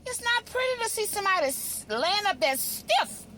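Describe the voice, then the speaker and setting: Woman, emphatic preachy monologue, animated pitch, noisy recording with traffic. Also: normal speed. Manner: preachy, repeats "you see?"; emphatic, swings between loud and hushed. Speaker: social media commentator. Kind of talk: impassioned monologue.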